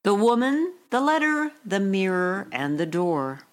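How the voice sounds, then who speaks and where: A woman reading a short story aloud in a measured, hushed way. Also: mid-range voice, very animated.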